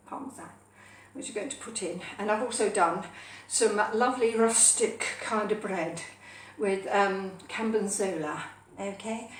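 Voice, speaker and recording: A woman's voice: mid-range voice, echoey room, recorded from a distance, slight background noise. A woman hosting a casual live cooking stream from her home kitchen, chatting playfully with viewers as she cooks. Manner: chatty, playful, sing-song asides. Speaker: cooking show host.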